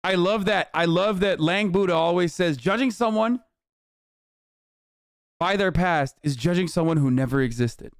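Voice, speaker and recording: Male streamer, fiery sarcastic rant, high voice, clean dry close sound. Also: expressive, moderate pace, clean tone, no echo. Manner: heated, profane, sarcastic. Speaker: live streamer. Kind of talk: reaction commentary rant.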